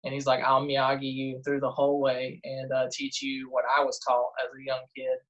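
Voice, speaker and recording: A man, a guest in a casual interview, telling lively stories and acting out quotes. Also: mid-range voice, moderate pace, dull audio. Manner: animated storyteller, acts out quotes, frequent "uh" and laughs. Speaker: guest diver and detectorist.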